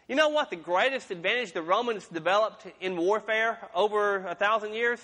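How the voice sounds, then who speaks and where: A man's voice: high-pitched, fast talker, hardly any pauses, sharp tone. A man pastor preaching a sermon in a folksy, conversational way with humorous asides, in a church sanctuary. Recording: long reverb of a large room.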